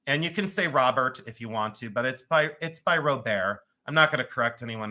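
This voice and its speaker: Bright, chatty male sale host. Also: mid-range voice, animated, brisk. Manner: chatty, self-mocking, theatrical. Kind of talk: live-stream jewelry auction.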